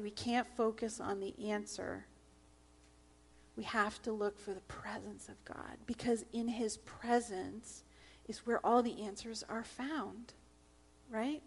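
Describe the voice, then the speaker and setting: A woman pastor, middle-aged, delivers a sermon with a high voice. She speaks slowly and earnestly, leaning hard on her points and now and then sinking to a near whisper. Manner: earnest, emphatic, drops to a hush at times.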